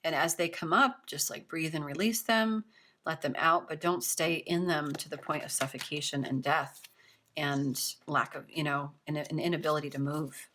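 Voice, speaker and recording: A woman's voice: deep voice, fairly even intonation, moderate pace, fairly bright tone, slight background noise. A young woman giving a casual tarot reading, chatty and reassuring, with lots of filler words. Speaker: tarot reader.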